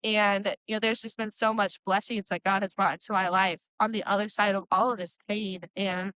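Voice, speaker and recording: A woman's voice: medium pitch, little pitch movement, moderate pace, fairly bright tone, low-quality recording. A young woman, a Christian metal singer, telling her personal testimony in an earnest, rambling way, full of likes and you-knows.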